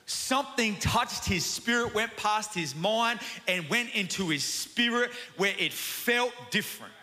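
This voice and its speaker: A man with an Australian accent preaching a sermon, telling a personal story in a chatty, animated way that keeps asking "right?". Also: high voice, unhurried. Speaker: pastor. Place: church auditorium. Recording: long hall reverb.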